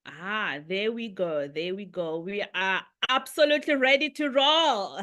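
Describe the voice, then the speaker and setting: A middle-aged woman, a guest speaker giving a loud, excitable, preacher-like motivational business presentation over a video call. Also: mid-range voice, measured pace, hardly any pauses, smooth.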